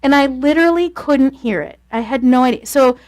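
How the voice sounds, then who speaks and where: A woman leading a class on marriage communication, talking fast and telling stories in a lively, casual way. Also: sits high. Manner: fast-talking, animated storytelling.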